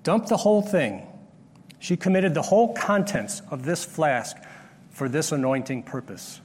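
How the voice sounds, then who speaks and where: A fairly high-voiced man preaches a sermon, walking his listeners through a Bible passage. He explains patiently and sometimes stops to restart a phrase. His voice carries a long reverb, as if he stands in a large hall. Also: animated, a little slow, darkish tone, a little hiss or hum. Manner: explanatory, rises sharply when acting out the disciples' scolding. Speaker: pastor.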